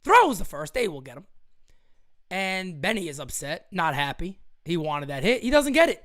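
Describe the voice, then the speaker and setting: A young man with a high, bright and forceful voice runs a fan livestream of a game as it happens, full of excitement. Loud and fast, he curses without restraint and laughs frequently.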